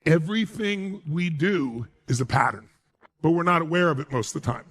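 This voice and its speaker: A man's voice: fairly high pitch, normal speed, fairly bright tone. A man giving a live motivational speech to an audience, emphatic and full of rhetorical questions. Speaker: motivational speaker.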